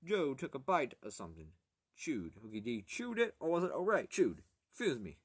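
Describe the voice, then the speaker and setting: A man's voice: mid-range voice, wildly swooping pitch, husky, no echo, clean studio sound. Rambling, joking man reading an audiobook aloud. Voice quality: jokey, crude asides and halting self-corrections. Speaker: amateur audiobook reader.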